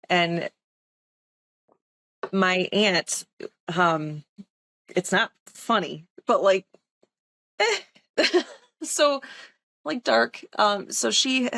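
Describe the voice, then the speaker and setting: A young woman nurse tells a personal story in a relaxed interview, her voice low and gravelly with plenty of vocal fry. She talks in a chatty, emphatic way, full of "like" and "um". The sound is close and dry, with no room echo. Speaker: nurse, podcast guest.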